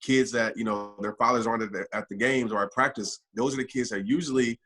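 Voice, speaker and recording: A man's voice: medium pitch, fairly even intonation, quick pace, pushed and bright, breathy edge, soft background music. A man guesting on a podcast as a motivational speaker, earnest and reflective, speaking from his own experience. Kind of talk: reflective interview talk.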